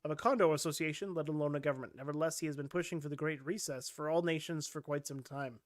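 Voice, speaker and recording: A man's voice: fairly high pitch, fast talker, dry recording, studio quality. A man cohosting a podcast, reading out news steadily and chatting casually.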